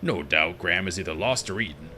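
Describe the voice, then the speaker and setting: A man's voice: low-pitched, expressive, fast, sharp tone, a little hiss or hum, exaggerated voice. A man voicing a callous male merchant who speaks in a dry, aloof, formal way while reading game dialogue aloud.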